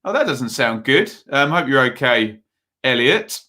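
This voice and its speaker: A man runs a live football watch-along stream, calling the action in a loose, chatty way. His bright voice has an edge of force as he rambles between the play and viewers' messages. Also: medium pitch, very animated, measured pace. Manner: casual play-by-play mixed with reading viewer messages; rambling and chatty, with frequent fillers.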